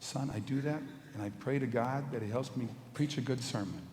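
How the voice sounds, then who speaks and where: A man voicing a stern old church pastor who answers in a calm, measured way, in an echoey auditorium. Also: medium pitch, a little hiss or hum, natural voice.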